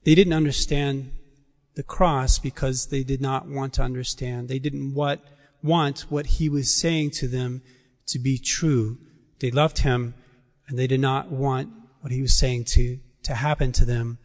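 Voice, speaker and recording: Priest preaching in a reverberant church. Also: male voice, mid-range voice, fairly even intonation, darkish tone. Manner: measured, emphatic preaching with deliberate pauses. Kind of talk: liturgical reading and sermon.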